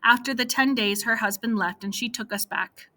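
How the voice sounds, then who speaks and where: A woman narrating a first-person story for an audiobook in a plain, steady manner. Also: a little high, normal speed.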